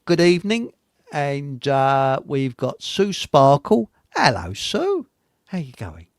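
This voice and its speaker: Male radio host, middle-aged, rambling joker, slightly high voice, dry sound. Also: wildly swooping pitch, takes it slowly, no room sound. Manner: chatty, rambling and jokey, laughs at his own lines. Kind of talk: live online radio chat show.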